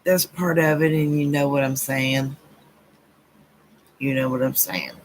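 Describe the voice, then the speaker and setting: A woman's voice: extremely low pitch, fairly even intonation, measured pace, slight background noise, rough recording. A woman with a Southern US accent giving a live-stream card reading to her chat, earnest and blunt, repeating phrases and calling people honey and baby. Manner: gushing, calls listeners honey and baby. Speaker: psychic card reader.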